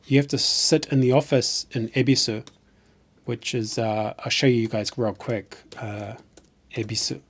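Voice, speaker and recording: A man's voice: medium pitch, steady tone, unhurried. A man from New Zealand with a New Zealand accent, chatting casually on a live stream in a rambling way and often restarting his sentences.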